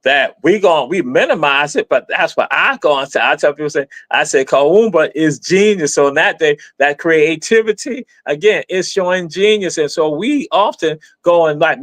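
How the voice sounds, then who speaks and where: A man's voice: on the high side, expressive, normal speed, hardly any pauses, a bit bright, dry recording. A man giving an explanatory live stream talk in an emphatic, teacherly way, repeating himself and spelling words out letter by letter.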